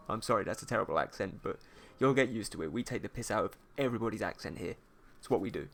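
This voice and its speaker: A man's voice: lowish voice, lively intonation, quick pace, gravelly, hardly any pauses, fairly bright tone, faint music behind. A man with a posh British accent, hosting a casual art livestream and chatting and teasing his viewers in a playful way. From England. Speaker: art streamer host.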